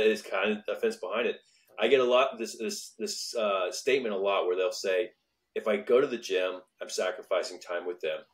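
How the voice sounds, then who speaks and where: A man in his thirties hosts a podcast with an earnest, motivational delivery, hammering points home by repeating them. His voice is somewhat low for a man. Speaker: podcast host. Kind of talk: casual podcast conversation.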